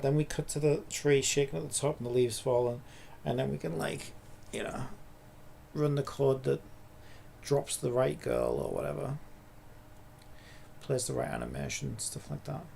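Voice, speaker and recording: A man's voice: medium pitch, vocal fry, dark tone, slight background noise. A man streaming live while building a game, thinking aloud in a rambling, casual way and swearing now and then. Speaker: streamer and indie game developer.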